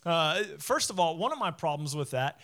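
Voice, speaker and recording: Male pastor, slightly high voice, conversational sermon, plays out the characters' lines. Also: very animated, moderate pace, fairly bright tone. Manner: casual storytelling, acting out quoted voices.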